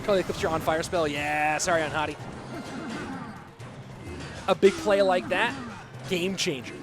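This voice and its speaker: A man calls a live game tournament with a high, bright-sitting voice, getting excited over big plays and chatting with his viewers. Music runs clearly behind him the whole time. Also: moderate pace. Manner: excitable, hyped shout-outs to viewers. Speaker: esports caster and streamer. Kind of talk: live game commentary reading chat.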